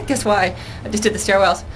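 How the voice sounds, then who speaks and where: An older woman with a deep voice chats casually and a little fast in a fitness vlog, rambling and laughing often and sounding somewhat out of breath after her workout. She records on a handheld camera out on her balcony, with background noise audible.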